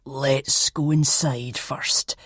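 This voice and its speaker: A brusque older police detective, put on by a woman narrator, speaking slowly in a low, husky register. He presses his point with grave insistence. The audiobook read is dry and close. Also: steady tone, fairly bright tone, no room sound, full character voice. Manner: slow, insistent, ominous.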